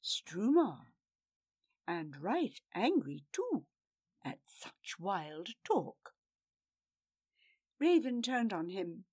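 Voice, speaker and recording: A woman's voice: medium pitch, sing-song, drawn-out words, pauses often, a little mellow. A woman narrating a fantasy story with dramatic delivery, changing her voice for the characters. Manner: dramatic, shifts voice for each character.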